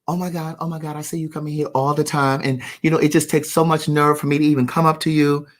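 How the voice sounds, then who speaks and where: A man putting on a soft, hushed voice for a nervous young woman admirer close to tears. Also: fairly high pitch, quick pace, close to an everyday voice.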